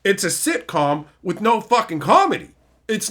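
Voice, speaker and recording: Animated, bright-voiced ranting male streamer. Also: sits high, unhurried. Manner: profane, ranting. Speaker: streamer reading chat. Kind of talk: casual livestream chat.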